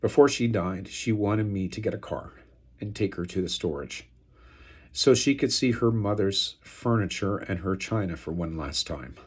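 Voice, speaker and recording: A man talking unscripted to the camera, aggrieved and angry, rambling with many fillers and getting louder when outraged. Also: lively intonation, normal speed, breathy edge. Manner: turns loud and high-pitched when outraged. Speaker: video blogger airing an estate dispute.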